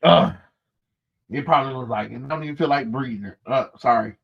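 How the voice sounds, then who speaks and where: A man's voice: medium pitch, a little fast, vocal fry, slightly rough, lo-fi sound. A man live-streaming a comic book reading, making sarcastic, dismissive, rambling asides while his allergies give him a runny nose.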